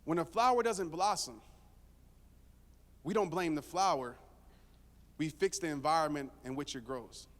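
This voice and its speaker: This motivational speaker's voice sits on the high side and is a bit bright, unhurried and marked by long pauses. Before a live audience he tells a story casually and jokes with the crowd, and the hall adds long reverb.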